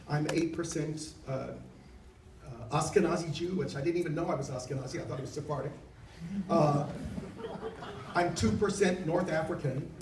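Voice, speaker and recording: A man's voice: on the high side, background noise. A middle-aged man, a reverend, giving an earnest, heartfelt personal testimony at a dinner. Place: banquet hall. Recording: echoey hall, mic far off.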